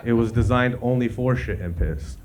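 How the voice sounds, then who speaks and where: A man's voice: medium pitch, normal speed, noisy background. A man from Canada performing a stand-up comedy set, loose and conversational, leaning on "you know" between lines. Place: comedy club stage. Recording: live club recording with crowd. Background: audience laughter.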